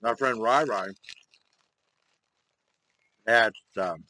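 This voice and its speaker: A man talking casually to his viewers in a rambling, halting way with many fillers while eating. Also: fairly low pitch, bright, forceful tone, no room sound, rough recording. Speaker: mukbang vlogger.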